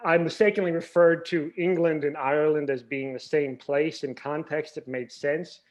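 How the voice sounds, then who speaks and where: Man in his forties, fairly high voice, podcast guest, rambling casual anecdotes. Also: fairly even intonation, moderate pace. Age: 40s. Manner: chatty storyteller, frequent restarts. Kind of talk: casual chat.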